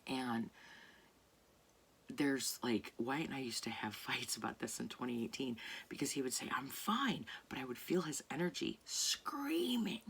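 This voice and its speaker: A woman talking casually to camera late at night in a soft voice that often drops to a near whisper, rambling and searching for words. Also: extremely low pitch, expressive, a little slow, vocal fry, husky. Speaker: artist vlogger. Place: home at night.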